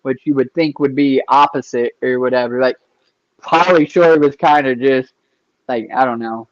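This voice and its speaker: A man hosting a casual interview, talking loosely with easy profanity and shout-outs to viewers. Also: mid-range voice, fairly even intonation, moderate pace, dry recording, lo-fi sound. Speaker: podcast interviewer.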